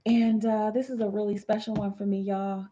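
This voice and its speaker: A woman's voice: medium pitch, flat delivery, moderate pace, dark tone, lo-fi sound, a little hiss or hum. A woman in her thirties, a tarot reader chatting casually on a livestream, laid-back and slangy, giggling often and a little tipsy. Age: 30s.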